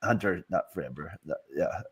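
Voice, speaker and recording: A man co-hosting a casual sports chat, rambling and halting with many fillers. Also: sits low, expressive, husky. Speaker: co-host.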